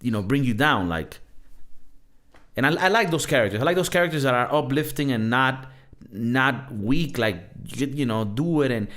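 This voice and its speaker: Animated Latino man, casual podcast chat. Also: medium pitch, moderate pace. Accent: Latin American Spanish. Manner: animated, swearing, laughs often. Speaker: podcast co-host.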